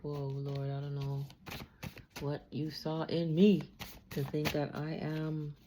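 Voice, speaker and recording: A woman's voice: deep voice, monotone, slow, background noise. A woman giving a tarot reading alone, emotional and prone to repeating her phrases. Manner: emotional, repeats phrases, drifts into soft sung lines. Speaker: tarot reader.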